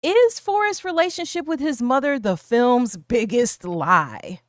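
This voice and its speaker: A chatty woman with a fairly high voice co-hosts a film discussion from home. She talks casually and leans on fillers as she works through prepared questions. Her voice is close and dry, with hardly any room sound. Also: lively intonation, unhurried, dry recording. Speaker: co-host of a film discussion stream.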